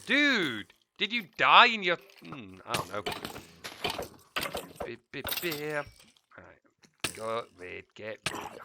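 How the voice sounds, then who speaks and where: A man's voice: a little high, very animated, slow, long pauses, noisy background. A man chatting casually while streaming a game, cursing at mobs and muttering asides to viewers. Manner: swears freely, mutters asides, chats to viewers. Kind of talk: casual gameplay stream chat.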